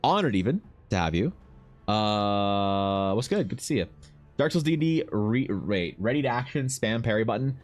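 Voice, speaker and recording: Soft music plays behind a man with a fairly low, sing-song voice speaking at a moderate pace. He's a fantasy artist streaming from home, telling viewers joking, profane, rambling stories that keep restarting.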